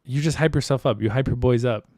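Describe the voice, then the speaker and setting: A man's voice: medium pitch, quick pace, darkish tone, dry recording, studio quality. A man hosting a live podcast, talking candidly and reflectively in casual chat, swearing freely. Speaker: podcast host.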